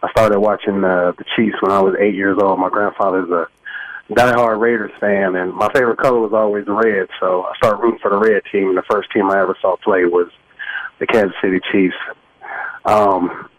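A man's voice: on the low side, fairly even intonation, moderate pace, dry recording, rough recording. A man in his thirties from Los Angeles calling in to a sports talk show, heartfelt and rambling with fillers. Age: 30s. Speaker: caller. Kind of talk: emotional fan call-in.

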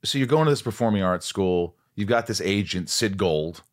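A man's voice: deep voice, lively intonation, normal speed. A man hosting a podcast interview, chatting casually, swearing freely and acting out quoted voices. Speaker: podcast host.

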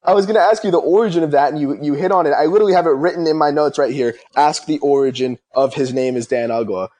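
A man's voice: a little high, fast talker, darkish tone. A young man hosting a casual interview, talking eagerly and at length. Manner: eager, talkative. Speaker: host.

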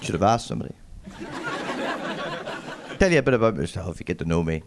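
Mumbling stand-up comic with a strong accent. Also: male voice, low-pitched, a little fast, a crowd in the background. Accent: strong regional accent. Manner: mumbling, wry deadpan. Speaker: stand-up comedian. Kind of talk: stand-up comedy set. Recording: noisy live venue recording.

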